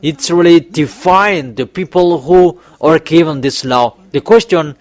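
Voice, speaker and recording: Emphatic preacher man, higher voice. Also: measured pace, few pauses. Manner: emphatic, often rising to loud exhortations. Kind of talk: sermon.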